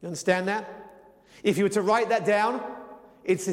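High-voiced pastor preaching in a reverberant hall. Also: male voice, steady tone, moderate pace, pauses often. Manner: earnest, varies pace for emphasis, slips into playful voices for quotes. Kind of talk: sermon. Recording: long reverb of a large hall.

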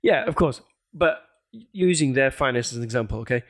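A man's voice: mid-range voice, brisk, no echo. Hesitant man, dry close sound. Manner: relaxed, hesitant, many fillers. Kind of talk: casual film chat.

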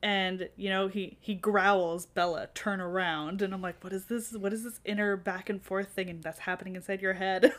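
A woman's voice: medium pitch, little pitch movement, moderate pace. A young woman co-hosting a casual book chat, wry, acting out the characters' lines. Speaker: podcast co-host.

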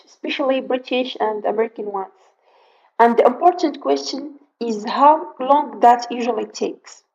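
High-voiced Moroccan woman asking a question. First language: Arabic. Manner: careful, slightly halting learner's English. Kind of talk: recorded voice message. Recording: dull recording with faint noise.

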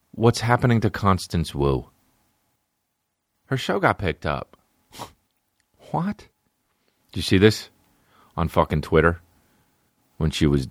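A man's voice: extremely low pitch, no room sound, clean studio sound. A man hosting a podcast, talking in a profane, sarcastic, rambling comedic monologue. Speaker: podcast host.

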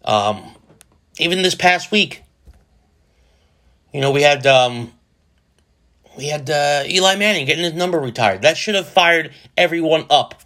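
A man's voice: on the high side, lively intonation, measured pace, pauses often, pushed and bright. A man, hosting a casual solo podcast and rambling jokily, with a lot of profanity and restarts. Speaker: podcast host.

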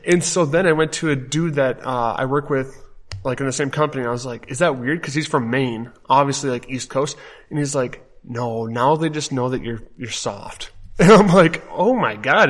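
A man's voice: medium pitch, normal speed. Podcast guy from wisconsin telling a story, acting out everybody he quotes. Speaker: podcast co-host. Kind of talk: casual chat.

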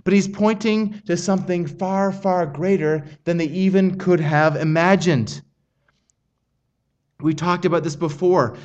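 A middle-aged man delivers an earnest sermon in a high voice. He reads scripture aloud and slows down to press on key phrases, emphatic throughout. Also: highs cut off. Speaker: preacher.

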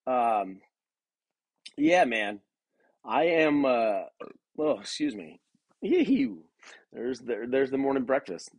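A man's voice: medium pitch, vocal fry, dry recording. A young man talking casually at home in his bedroom, rambling loosely, swearing often and calling the listener man and dude while he paces. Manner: laid-back, rambling, swears a lot, says man and dude. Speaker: podcast host.

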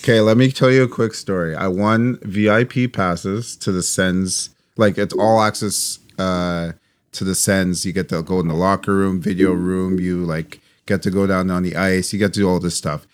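A young man with a fairly low voice tells a story in a casual podcast chat. He is animated and acts out the lines of the people in it. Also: moderate pace, smooth. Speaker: podcast co-host.

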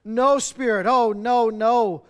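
A preacher reading aloud the lines of a remorseful old miser who pleads loudly with a spirit. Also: male voice, high-pitched, normal speed, clear, resonant tone, close to an everyday voice. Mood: desperate pleading. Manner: loud, pleading, read aloud from a book.

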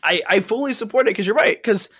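This man from Texas, United States, has a high, husky, fairly bright voice and talks fast. Hosting a podcast, he chats casually and playfully, rambling and drifting into fillers.

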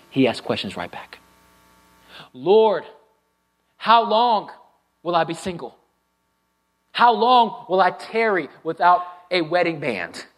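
A male pastor delivers a sermon in a church. His preaching is expressive, swinging between loud emphasis and quiet, hushed lines. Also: mid-range voice, poor audio. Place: church sanctuary with live and online congregation.

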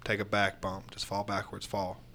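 A fairly low-pitched man chats loosely on a podcast about taking bumps in the ring. He rambles and restarts his sentences. A faint hiss of noise sits under his voice. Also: monotone, normal speed, sharp tone. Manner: rambling, candid storytelling with fillers and restarts. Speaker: pro wrestler guest. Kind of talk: casual podcast chat.

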